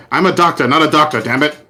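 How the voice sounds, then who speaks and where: Bright-voiced joking man player. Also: on the high side, brisk, breathy edge, soft background music. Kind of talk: casual tabletop game talk.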